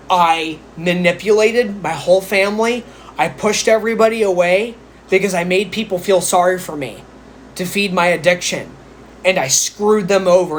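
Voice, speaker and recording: A man voicing a remorseful woman caller who is quietly confessing her past. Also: high voice, a little hiss or hum.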